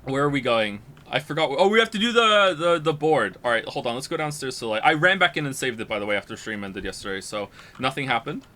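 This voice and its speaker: A man's voice: medium pitch, expressive, fast, few pauses, pushed and bright. A man from Canada hosting a gaming stream, telling rambling, profane stories in casual chat. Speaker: streamer host.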